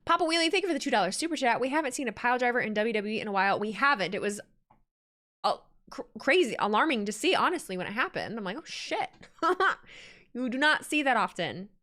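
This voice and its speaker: A woman's voice: on the high side, animated, fast talker, pushed and bright. A woman live-streaming her reaction to a wrestling show, chatting casually, laughing often and reading viewer messages aloud.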